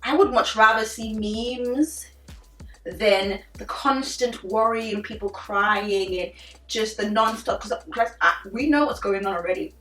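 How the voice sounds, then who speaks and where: A young woman chatting casually in a vlog, animated and full of "like" fillers. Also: a little high, measured pace. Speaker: beauty vlogger. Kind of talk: casual chit-chat vlog. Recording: roomy sound, a little distant from the mic, faint music behind.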